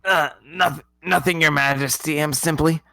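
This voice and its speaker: A man's voice: fairly high pitch, fairly even intonation, moderate pace, gravelly, sharp tone, no echo, pitched above the performer's own voice. A man voicing a timid servant who stammers nervously before his queen. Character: timid male playing-card servant.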